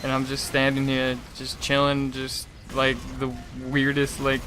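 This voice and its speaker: A man's voice: medium pitch, monotone, a little slow, music in the background. A young man casually ranting through a story, with lots of fillers, restarts and laughing asides. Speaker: gaming channel host.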